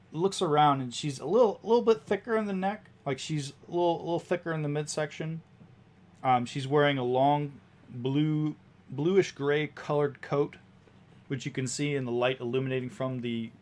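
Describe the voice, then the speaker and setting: A man running a tabletop fantasy game as game master, describing the scene at an easy pace with frequent fillers. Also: medium pitch. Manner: unhurried, descriptive, many fillers.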